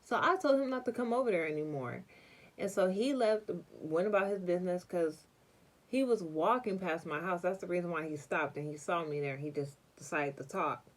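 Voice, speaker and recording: A young adult woman telling a personal story in a casual vlog, animated and full of slang. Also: lowish voice, normal speed. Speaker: vlogger.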